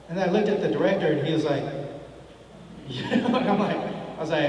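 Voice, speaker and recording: A man's voice: fairly high pitch, moderate pace, a little mellow. A middle-aged man telling stories at a convention panel, laid-back and laughing, acting out dialogue as he goes. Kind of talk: storytelling at a fan panel. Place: large convention hall. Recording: echoey hall from far off, faint noise.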